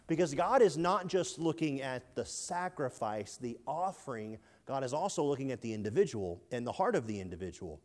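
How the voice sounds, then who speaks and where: A man delivers an expository sermon in an earnest, plain manner. He asks his listeners questions and answers them himself, often stumbling and repeating words as he explains. His voice sits at an ordinary middle pitch. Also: sing-song, normal speed, hardly any pauses. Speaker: preacher.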